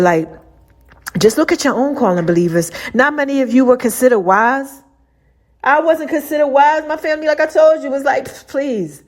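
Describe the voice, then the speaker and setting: Woman host, casual preaching monologue, slightly high voice, talks straight to listeners. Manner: informal, chatty, talks to listeners directly with y'all. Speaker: podcast host.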